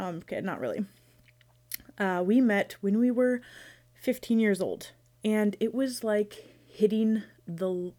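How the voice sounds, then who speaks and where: A woman's voice: mid-range voice, expressive, a little slow, warm tone. A woman in her thirties hosting her own podcast, chatting casually and playfully, rambling with restarts. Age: 30s. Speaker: podcast host. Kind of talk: casual solo podcast chat.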